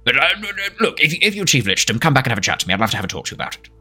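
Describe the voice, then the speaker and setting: A man voicing a fussy, eccentric male scientist with stilts and goggles, talking in a high, impatient, eager voice. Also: very animated, rapid-fire, sharp tone, heavily acted. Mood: eager, curious.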